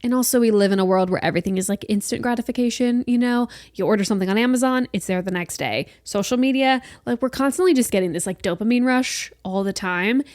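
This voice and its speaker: A woman's voice: a little high, fast, hardly any pauses, a little mellow, no echo, studio quality. A young woman in her twenties hosting her own podcast, chatting casually in a rambling, self-deprecating way. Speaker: podcast host. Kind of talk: casual solo podcast chat. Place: small room at home. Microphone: podcast mic.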